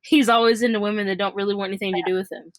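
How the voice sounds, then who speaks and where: Woman, podcast co-host, brisk casual chat, dry close sound, keeps chiming in to agree. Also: mid-range voice, fairly even intonation, dry recording. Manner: brief agreeing interjections.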